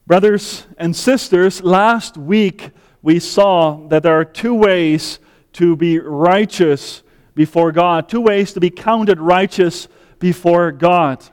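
Male preacher, higher pitch, measured rhetorical delivery, reverberant church hall. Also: clear, resonant tone. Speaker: pastor. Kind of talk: sermon.

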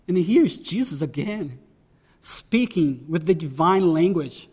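A man's voice: a little high, animated, unhurried, darkish tone, husky, in a large hall. A man preaching a sermon as a pastor, emphatic and repeating key phrases for weight.

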